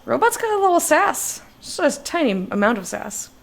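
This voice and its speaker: A woman's voice: high-pitched, sing-song, moderate pace, gravelly, noisy background. An American woman giving casual let's-play commentary and reading game text aloud. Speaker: gamer.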